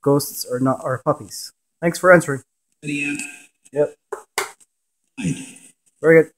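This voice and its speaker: Man questioning a spirit box, high-pitched. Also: steady tone, slow pace, slight background noise. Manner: asks short questions and repeats the answers he hears. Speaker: paranormal investigator. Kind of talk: running a spirit box session on camera.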